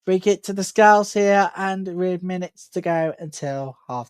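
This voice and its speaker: A woman hosting a live football watchalong, giving chatty play-by-play and building excitement whenever an attack comes. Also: on the low side, a little slow, clear, resonant tone, no echo. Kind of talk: live match commentary.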